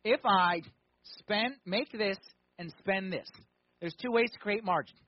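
A high-voiced man preaches in a chatty, questioning way, pressing hard on some lines and dropping low on others. His voice is husky. The recording is dry and slightly dull. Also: unhurried, dry recording. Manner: conversational preaching, rhetorical questions, swings from loud emphasis to quiet. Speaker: pastor. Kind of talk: sermon.

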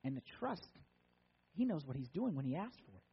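A male pastor preaching a sermon in a church, telling a story that swings between loud and soft. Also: on the high side, big pitch swings, a little fast, slightly rough, long reverb tail, dull audio.

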